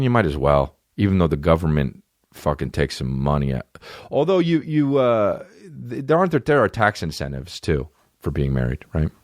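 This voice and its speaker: A man's voice: rumbling low, no room sound, studio quality. A man in his twenties hosting a comedy podcast in casual, profane, rambling chat, often slipping into goofy voices. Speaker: podcast host.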